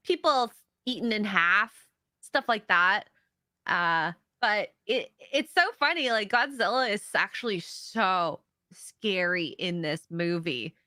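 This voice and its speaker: A woman's voice: medium pitch, expressive, takes it slowly, pushed and bright, no room sound, studio quality. A woman co-hosting a live stream in casual chat, giggly and trailing off mid-sentence. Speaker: stream co-host.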